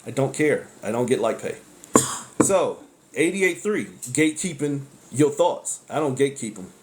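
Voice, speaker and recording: A man giving a casual spiritual tarot talk. He speaks bluntly with profanity, breaks in with frequent exclamations, and jumps between sharp high outbursts and low asides. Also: animated, unhurried. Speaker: tarot reader.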